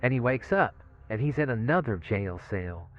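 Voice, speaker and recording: A man's voice: mid-range voice, lively intonation, moderate pace. A man who is a death row inmate talks in a recorded interview, telling stories in a rambling way with laughs and frequent "you know what I'm saying.". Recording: muffled lo-fi phone-like line.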